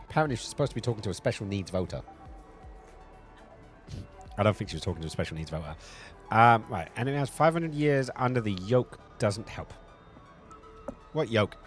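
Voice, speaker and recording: A man with a South London Cockney accent, chatting casually on a live stream, rambling, swearing freely and reacting to chat messages. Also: fairly low pitch.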